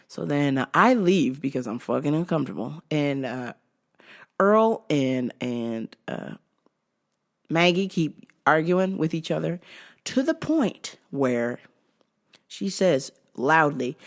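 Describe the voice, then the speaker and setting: Animated, foul-mouthed woman telling a story. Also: low-pitched, takes it slowly. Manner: profane, animated, sarcastic. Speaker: vlogger. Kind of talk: casual storytelling.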